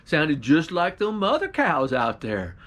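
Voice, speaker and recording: A pastor telling a folktale in a drawling, folksy storyteller's manner, with country grammar and little voices for the characters. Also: male voice, fairly high pitch, wildly swooping pitch, measured pace, fairly bright tone.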